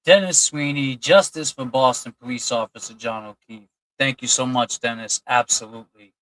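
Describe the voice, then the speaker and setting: A man's voice: medium pitch, fairly even intonation, normal speed, fairly bright tone, dry recording, rough recording. A man hosting a casual livestream, reading out and thanking chat donors in a loose, chatty way. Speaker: livestream host.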